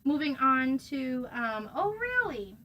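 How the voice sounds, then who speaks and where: A woman's voice: high voice, sing-song, takes it slowly, dull audio. A young woman coaching a student through a voice lesson, encouraging and demonstrating exercises. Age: young adult. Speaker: voice teacher.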